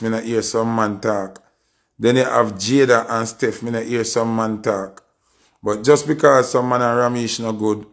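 A man's voice: medium pitch, creaky. A man with a Jamaican accent reviewing songs on a casual livestream, boastful and emphatic, repeating his points. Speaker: music reviewer. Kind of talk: livestream music review chat.

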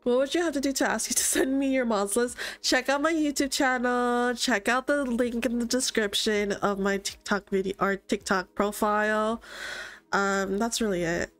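A woman's voice: fairly high pitch, fairly even intonation, normal speed. Chatty young woman streaming a game. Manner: chatty, reads chat aloud, gasps and laughs often. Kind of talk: casual live-stream chat while playing. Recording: game music faint behind.

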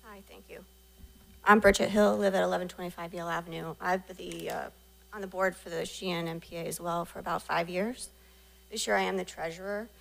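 A woman's voice: lowish voice, fairly even intonation, fairly quick, vocal fry, fairly bright tone, poor audio. A woman, treasurer of a parent booster group, giving an earnest, emotional public comment at a school board meeting.

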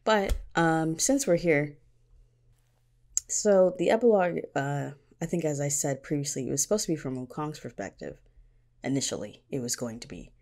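A woman's voice: deep voice, moderate pace, darkish tone. A woman hosting a casual solo podcast, talking candidly about her own writing, swearing freely and often laughing. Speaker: podcast host and fan fiction writer.

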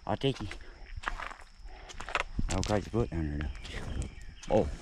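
A man's voice: low voice, lively intonation, a little slow. A man giving chatty, folksy commentary outdoors at a creek while driving a toy truck. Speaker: RC hobby vlogger. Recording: loud outdoor creek noise.

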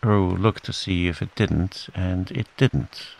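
A man reading a bedtime story aloud in a calm, soothing way and gently voicing the characters. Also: deep voice, slow, gravelly. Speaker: audiobook narrator. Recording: steady rain sound behind the voice. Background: rain.

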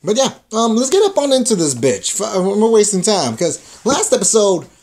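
A man's voice: sits high, big pitch swings, fairly quick, darkish tone. A young man hosting a gaming channel, chatting casually to viewers in a rambling way, with many fillers and some swearing.

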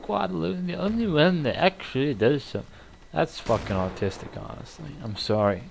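A man giving live gameplay commentary, muttering and cursing with sudden excited outbursts. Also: fairly high pitch, moderate pace, gravelly, slight background noise. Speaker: gamer.

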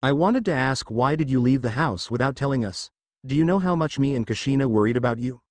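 A man's voice: medium pitch, lively intonation, brisk, no room sound, lightly acted. A man reading the lines of a worried father who leads a village, speaking in an earnest, pleading way in his own voice.

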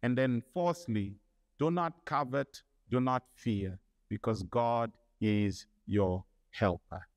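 A male pastor preaching a sermon, building up to loud repeated declarations. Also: mid-range voice, slow, no room sound.

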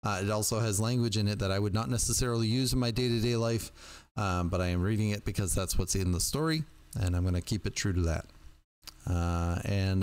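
A man's voice: fairly low pitch, a little mellow. A man reading a book aloud to his stream audience in a casual, chatty way.

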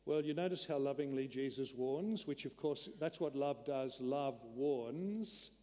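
A man preaching a sermon in an earnest way, slowing and dropping his voice to drive points home. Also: medium pitch, mellow. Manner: earnest, slows and drops his voice to stress a point. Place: church. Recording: long church reverb.

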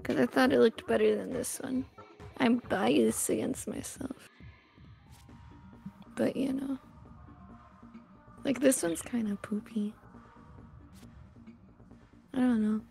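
A woman's voice: fairly high pitch, steady tone, slow pace, creaky, long pauses, warm tone, soft background music. A young woman chatting playfully while playing a video game with a friend. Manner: playful, bubbly, squeals and sings. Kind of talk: casual gaming chat.

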